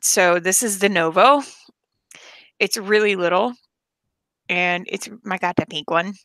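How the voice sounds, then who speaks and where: A chatty woman rambling through casual talk, her voice carrying a gravelly, fry-laden edge. The sound is dry and close, with no room around it. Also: medium pitch, unhurried, a bit bright, no echo. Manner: rambling, chatty, lots of fillers. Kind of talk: casual chat.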